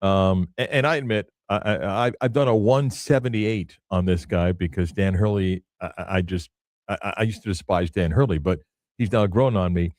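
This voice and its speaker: A man's voice: sits low, normal speed, a little mellow, no room sound, clean studio sound. A man hosting a sports radio show, teasing and joking with his co-host. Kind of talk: casual radio chat.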